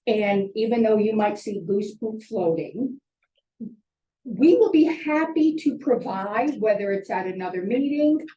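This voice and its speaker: A woman's voice: medium pitch, lively intonation, measured pace, mellow, a little hiss or hum. A woman on a lake association board speaking at a town hearing, meandering with many fillers. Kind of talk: public comment. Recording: echoey room from far off.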